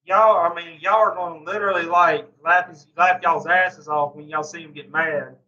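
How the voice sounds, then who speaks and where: Rambling high-voiced man on a livestream. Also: fairly even intonation, normal speed, sharp tone, recorded from a distance. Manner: rambling and repetitive. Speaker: livestreamer chatting with viewers. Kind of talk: casual livestream chat. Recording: roomy, off-mic, dull lo-fi sound.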